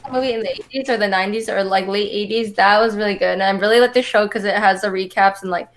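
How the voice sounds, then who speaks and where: A woman's voice: medium pitch, fairly even intonation, quick pace, noisy background. A woman guesting on a streamer interview, giggly and chatty, filling her talk with "like". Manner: giggly, heavy use of "like". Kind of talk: casual interview chat.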